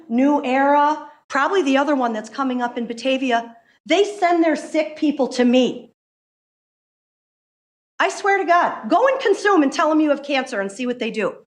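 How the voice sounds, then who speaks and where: A woman giving an impassioned public comment at a council meeting as a hemp business owner, emphatic and quick. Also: high-pitched. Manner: impassioned, emphatic, fast-talking. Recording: echoey meeting room.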